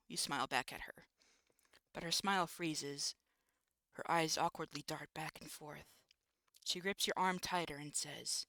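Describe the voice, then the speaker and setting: A streamer reading a visual novel aloud in steady storybook narration, now and then slipping in a quick aside. The tone is bright and clean. The recording is dry and close, with no room around it. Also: medium pitch, no echo.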